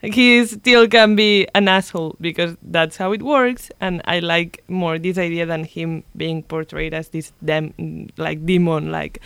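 A man in animated radio chat, laughing often. His voice is high and smooth, with a gravelly fry. The studio sound is dry. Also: unhurried, hardly any pauses, no room sound.

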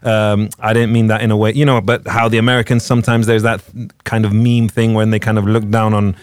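A man's voice: lowish voice, little pitch movement, a little fast, clean tone, no room sound. Rambling man in a dry room. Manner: rambling, many restarts, laughs while telling stories. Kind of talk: casual chat about music festivals.

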